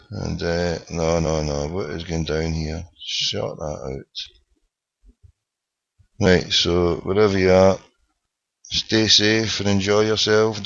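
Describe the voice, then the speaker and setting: A man's voice: lowish voice, a bit bright, no room sound, lo-fi sound. A Scottish man with a Glaswegian accent hosting a casual internet radio show, chatting, swearing and joking as he goes. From Scotland. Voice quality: sweary, jokey, rambling. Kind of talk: casual live chat and phone-in.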